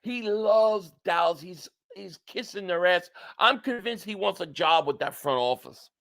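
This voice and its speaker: A man with a high voice, hosting a live football reaction stream. His tone is bright and forceful. He reads out viewer messages and rants bluntly, with some cursing. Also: a little slow, vocal fry. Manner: excitable, blunt, ranting, profane. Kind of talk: live sports reaction stream, reading super chats.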